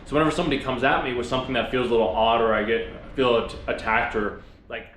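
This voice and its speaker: Fast-talking man chatting with his mouth full. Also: mid-range voice, fairly bright tone, echoey room, slight background noise, poor audio. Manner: talks with his mouth full while eating; earnest, reflective, rambling with restarts. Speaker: vlogger. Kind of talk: casual motivational monologue.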